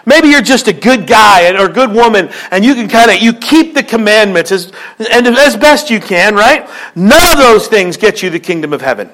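A man's voice: high voice, expressive, normal speed, a bit bright, poor audio. A man pastor preaching a sermon with repeated phrases and rising emphasis, acting out quoted voices in a joke.

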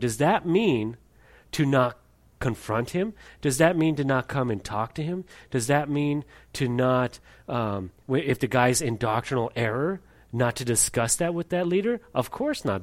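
A man preaching a sermon, animated, acting out voices in his story and reading scripture aloud. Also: mid-range voice. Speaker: pastor.

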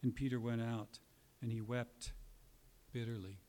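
Male preacher, mid-pitched voice, earnest and emphatic, sermon delivery with dramatic pauses. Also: fairly even intonation, warm tone.

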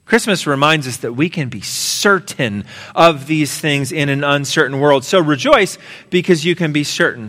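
A man's voice: on the high side, expressive, moderate pace, a bit bright. A man preaching a sermon as pastor, emphatic and urging, acting out a story with quoted voices. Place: church sanctuary. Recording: long reverb of a large hall.

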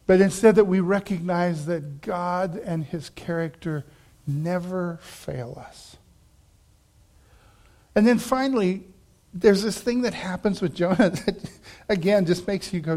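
A man preaching a sermon, telling a story with animated shifts and acting out quoted voices, laughing now and then. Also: high-pitched, a little slow. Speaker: pastor.

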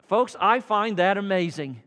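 A man preaching an evening church sermon, swinging from loud fervent calls to hushed quiet passages. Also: sits high, expressive, a little slow, big-room sound. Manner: dramatic swings from loud fervor to hushed tones. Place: church sanctuary.

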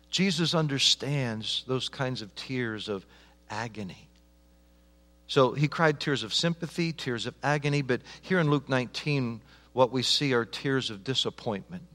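A man preaching a sermon as pastor, swinging between loud emphatic lines and soft, slowed ones, often repeating words and restarting phrases. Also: mid-range voice. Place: church sanctuary. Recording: long reverb of a large hall.

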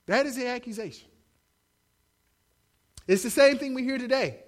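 A young man preaching a sermon, animated, acting out the quotes he shouts. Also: very high voice, normal speed, long pauses. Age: young adult. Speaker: pastor.

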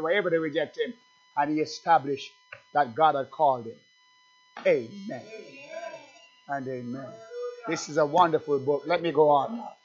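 Preacher guy, kinda high voice, gets loud and fired up then drops low, dull lo-fi recording. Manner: emphatic, rising to loud fervent bursts then dropping low and conversational; asks the congregation questions. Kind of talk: sermon.

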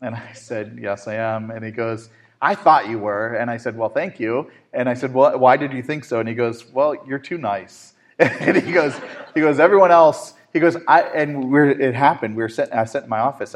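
Man host, faith talk show, animated storyteller, mid pitch, lots of fillers. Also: brisk.

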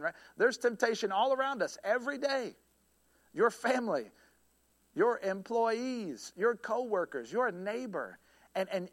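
A pastor preaching a folksy, joking, conversational sermon. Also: male voice, sits high, fairly bright tone.

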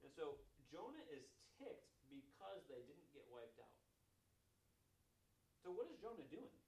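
A man's voice: a little high, a little slow, a little hiss or hum. Man teaching in an echoey room. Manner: conversational, animated, acts out quotes. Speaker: Bible study teacher. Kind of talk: casual Bible lesson. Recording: echoey room, mic at a distance.

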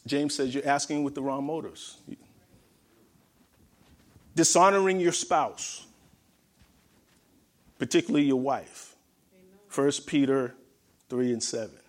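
A man's voice: medium pitch, slow pace, long pauses. A male pastor preaching a sermon to a congregation, often repeating phrases and asking them questions.

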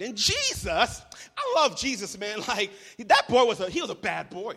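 A man preaching a sermon as pastor, telling the story with humor and animated asides. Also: high voice, moderate pace, vocal fry, husky. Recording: large hall reverb.

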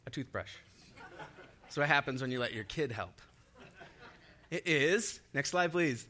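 A man's voice: medium pitch, a bit bright. A young man preaching a sermon in an upbeat way, laughing often and leading the congregation in call-and-response. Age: young adult.

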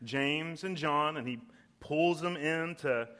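Young guy preaching, kinda high voice, emphatic, slows way down on the big words. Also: sharp tone. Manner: puts on voices when quoting. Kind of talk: sermon.

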